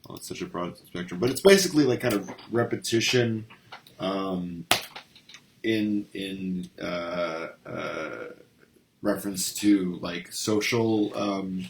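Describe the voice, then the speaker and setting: A man hosting a casual stream discussion, talking haltingly with lots of fillers and restarts. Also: deep voice, gravelly, a little hiss or hum.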